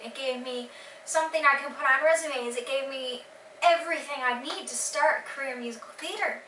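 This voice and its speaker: A teenage girl casually recounting her day in a vlog, gushing and excited with lots of fillers. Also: a little high, reverberant, far from the mic, a little hiss or hum, poor audio. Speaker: vlogger.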